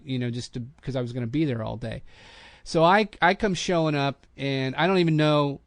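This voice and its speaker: A middle-aged man tells a long anecdote in casual podcast chat, slipping into other people's voices for the quotes. His voice sits at an ordinary pitch. It is recorded dry and close, with no room sound. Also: dry recording. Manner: animated anecdote-telling, acts out quotes. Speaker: podcast host, voice actor.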